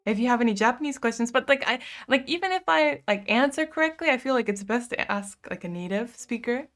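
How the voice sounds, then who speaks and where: A woman's voice: fairly high pitch, expressive, fairly quick, hardly any pauses. A young woman live-streaming from home, casually chatting and answering viewer comments with lots of "like" fillers. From United States. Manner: chatty, frequent "like" fillers, soft cooing asides to her cat.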